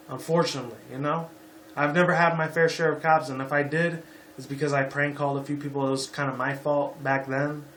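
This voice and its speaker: A man's voice: a little high, a bit bright, slight background noise. Cursing young man ranting in an echoey room. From Las Vegas, Nevada. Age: 20s. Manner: profane, rambling, repeats filler "you know". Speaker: YouTuber. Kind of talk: rambling opinion rant.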